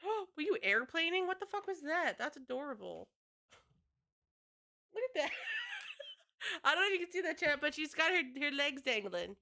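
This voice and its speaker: A woman's voice: sits high, sing-song, brisk, pushed and bright. A woman game streamer chatting casually to her live chat, rambling and swearing freely.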